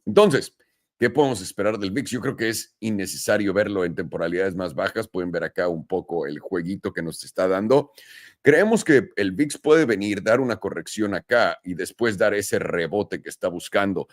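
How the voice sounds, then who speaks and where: A man, hosting casual market commentary in a relaxed, chatty way. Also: deep voice, fairly quick. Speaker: trading channel host.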